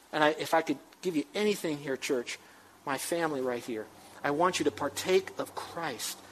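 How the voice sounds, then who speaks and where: A pastor preaching to his church in an emphatic, questioning way. His voice sits a little high for a man. He keeps pressing the listeners with rhetorical questions. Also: normal speed, slight background noise, rough recording. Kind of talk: sermon.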